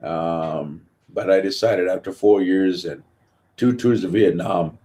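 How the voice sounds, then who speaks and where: Older man, lower voice, animated storyteller, interview guest. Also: slow. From California. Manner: animated storyteller, acts out quotes. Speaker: guest, veteran.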